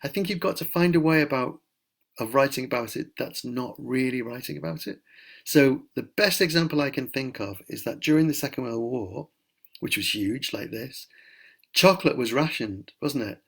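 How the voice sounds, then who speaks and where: A man's voice: medium pitch, normal speed, vocal fry. A middle-aged man, a children's author, chatting enthusiastically at home as he answers readers' questions on a live stream. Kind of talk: casual live Q&A. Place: at home during lockdown.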